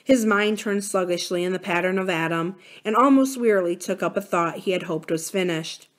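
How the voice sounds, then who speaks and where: A woman reading a novel aloud for a library series, narrating in a calm, even manner. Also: on the low side, normal speed. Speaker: library reader. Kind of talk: audiobook-style novel reading.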